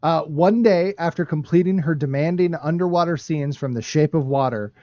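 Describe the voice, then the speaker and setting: A man's voice: a little high, moderate pace, mellow, no room sound. A man hosting a casual movie podcast, reading trivia playfully and laughing often. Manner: playful, laughs often, breaks into silly voices. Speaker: podcast host. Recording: dull lo-fi stream audio.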